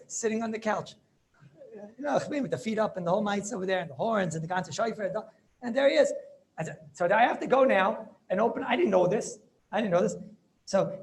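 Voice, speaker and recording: Gravelly rabbi teaching with Yeshivish lilt. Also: male voice, high-pitched, a little hiss or hum. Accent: Yeshivish English. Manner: storytelling, repeats phrases, asks students questions. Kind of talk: animated Torah class with Yiddish and Hebrew terms.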